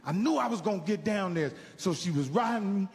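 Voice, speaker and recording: A man, originally from Indiana, telling profane, animated stand-up stories and acting out the people in them. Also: high voice, fairly quick, in a large hall. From Indiana, United States. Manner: profane, animated, acts out characters' voices. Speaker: stand-up comedian. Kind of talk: stand-up storytelling.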